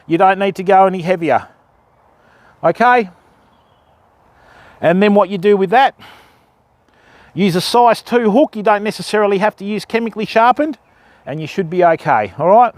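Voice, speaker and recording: High-voiced Australian man fishing live. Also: normal speed, long pauses, no echo. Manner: chatty, explains rigs to viewers step by step. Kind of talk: casual live-stream chat while fishing. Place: outdoors on a river bank at dusk.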